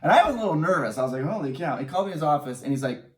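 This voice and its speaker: A man's voice: fairly high pitch, lively intonation, rapid-fire, roomy sound, distant mic. A man hosting a casual vlog, reading viewer answers aloud with enthusiasm and frequent laughter. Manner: upbeat, enthusiastic, laughs often. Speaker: vlog host.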